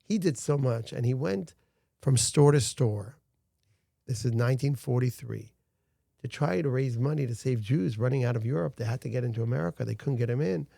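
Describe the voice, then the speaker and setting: Gravelly, mellow-voiced man telling stories. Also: medium pitch, a little fast, no room sound, clean studio sound. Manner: earnest storytelling, frequent restarts. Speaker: guest, founder of a rescue organization. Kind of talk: casual interview talk.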